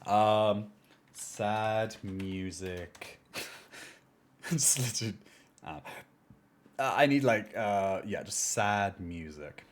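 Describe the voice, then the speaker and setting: Chatting with his stream audience, this man speaks slowly in a fairly low, expressive voice and pauses often. His casual, playful talk is packed with fillers and false starts, and he turns mock-solemn whenever he hams up bad news.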